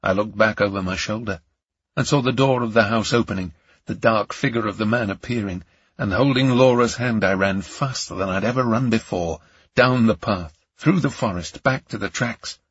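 A man narrates a thriller audiobook with a tense, gripping delivery. His voice is husky and sits low. The recording is dry and close, with a dull, lo-fi tone. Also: normal speed, dry recording.

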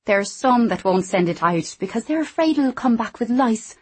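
A woman voicing a brisk, stern middle-aged housekeeper, speaking with raised, emphatic delivery in a storybook reading. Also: on the high side, lively intonation, darkish tone, slightly rough, voice pushed up. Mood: chatty.

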